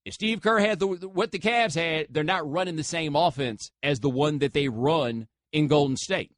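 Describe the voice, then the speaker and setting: A man's voice: a little high, normal speed, dry recording. A man hosting a sports talk radio show from a studio, taking callers in a loose, joking way with slangy asides. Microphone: studio microphone.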